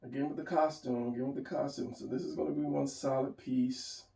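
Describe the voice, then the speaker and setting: A man's voice: mid-range voice, fairly even intonation, brisk, gravelly, mellow. A man giving a casual drawing lesson, rambling and restarting as he draws and talks it through. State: hiccuping. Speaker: drawing teacher. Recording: roomy, mic at a distance.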